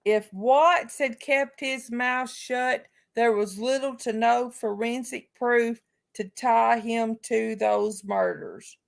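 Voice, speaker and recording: A woman's voice: on the high side, steady tone, takes it slowly, creaky. A woman hosting a live stream, speaking casually and outspokenly to her chat viewers with heartfelt remarks. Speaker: livestream host.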